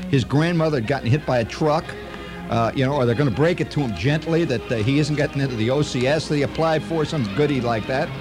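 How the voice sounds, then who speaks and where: A man telling a long personal story in a rambling, halting way, full of asides and restarts. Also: a little high. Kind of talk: spoken storytelling monologue.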